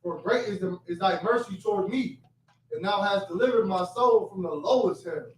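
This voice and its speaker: A man reading a scripture passage aloud slowly and carefully for a study group. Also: high voice, a little hiss or hum. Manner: slow, careful reading with small restarts. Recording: distant echoey room.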